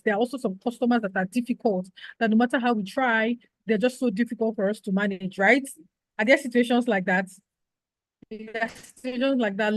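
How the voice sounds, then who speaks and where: Lively woman giving a training talk. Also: fairly high pitch, no echo, rough recording. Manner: lively, acts out customer and staff exchanges. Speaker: customer service trainer. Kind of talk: workshop lecture.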